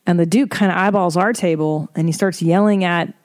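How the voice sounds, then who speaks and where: A woman's voice: lowish voice, brisk, a little mellow, dry recording, studio quality. Wry, profane woman telling a story. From Eastern Bloc. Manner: chatty, profane, wry asides. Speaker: podcast host. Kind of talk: casual storytelling monologue.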